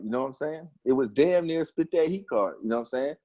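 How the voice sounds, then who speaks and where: A man's voice: medium pitch, expressive, quick pace, mellow, dull audio. A man, a battle rap league owner telling stories in a casual, profane interview, often saying "you know what I'm saying.".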